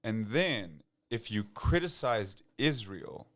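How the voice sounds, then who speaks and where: A man's voice: lowish voice, slow. A man, a podcast guest, talking in a loose casual way with many restarts and fillers. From United States. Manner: rambling, frequent restarts and fillers, laughs when excited. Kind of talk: casual conversation.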